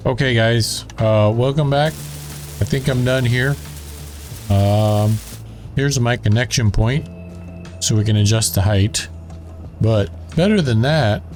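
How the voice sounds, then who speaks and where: A man's voice: mid-range voice, darkish tone. A man with a Southern drawl chatting casually as he plays and narrates a building game, thinking aloud as he works. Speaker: gaming channel host.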